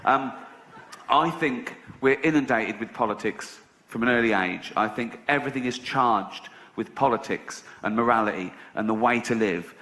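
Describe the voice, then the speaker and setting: A man's voice: mid-range voice, bright, forceful tone. Sardonic man telling a stand-up story. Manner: sardonic, swears freely, mock-innocent storytelling. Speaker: stand-up comedian.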